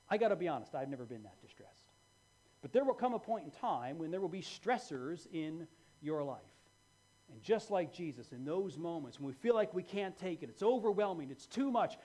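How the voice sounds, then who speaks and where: Animated preacher with a lively voice. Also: male voice, high voice. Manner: animated, swings from hushed to loud. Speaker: pastor. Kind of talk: sermon. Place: church.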